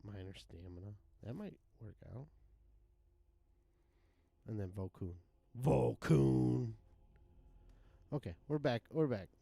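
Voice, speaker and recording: A man's voice: lowish voice, expressive, measured pace, vocal fry, pauses often, warm tone. A man streaming a game live who chats casually, rambling and swearing as he chuckles often, into a desk mic at a home setup.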